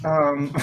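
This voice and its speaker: A man hosting a casual art critique chat, playful and joking. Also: slight background noise. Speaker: host.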